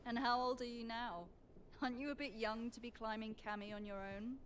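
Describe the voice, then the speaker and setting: A woman's voice: on the high side, fairly even intonation, brisk, fairly bright tone, slight background noise, lightly acted. An actress playing a famous, seasoned woman mountaineer in a video game, speaking in a cool, understated way. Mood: dry.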